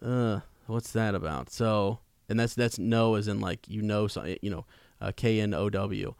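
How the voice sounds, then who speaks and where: A man hosting a casual podcast about a book, talking in a relaxed, rambling way and correcting himself as he goes. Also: lowish voice, unhurried, vocal fry, clear, resonant tone, no echo, clean studio sound. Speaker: podcast host.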